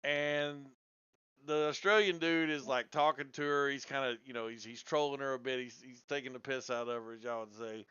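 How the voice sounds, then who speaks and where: Crude laughing American man, smooth voice. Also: mid-range voice, steady tone, brisk, sharp tone, no room sound, muffled recording. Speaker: debate show host. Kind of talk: casual group chat.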